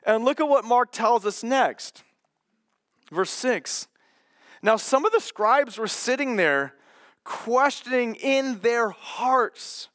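A man preaching a sermon with a strikingly high voice, moving at an unhurried, deliberate pace. He teaches expressively and voices the doubters' questions as he goes. The sound is dry and close, with no room around it. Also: animated, a bit bright, no room sound.

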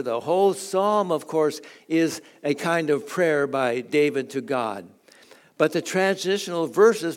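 An older man preaches in a relaxed, folksy way, often chuckling and restarting his sentences. His voice is a bit gravelly and sits slightly high. He moves between homey stories and scripture reading. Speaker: guest preacher. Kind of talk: sermon with personal stories.

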